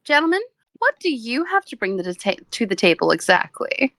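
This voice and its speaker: A woman's voice: fairly high pitch, sing-song, fairly quick, fairly bright tone, no echo, clean studio sound. A woman playing a tabletop game, speaking in a theatrical, prim and indignant way. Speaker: player.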